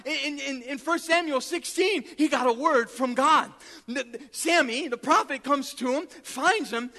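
High-voiced emphatic male preacher. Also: sharp tone. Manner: emphatic, repetitive, acts out quoted dialogue. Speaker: pastor. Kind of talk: sermon. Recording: reverberant hall.

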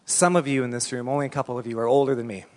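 A middle-aged man preaching a sermon as a pastor, telling stories in an animated, conversational way. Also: medium pitch, racing. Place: church hall. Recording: long reverb in a church hall.

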